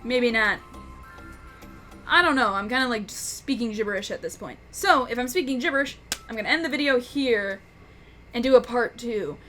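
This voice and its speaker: Rambling, high-voiced woman storyteller. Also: lively intonation, moderate pace, sharp tone, faint music behind. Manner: rambling, swearing, laughing. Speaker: YouTube storyteller, game master. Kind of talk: unscripted story narration.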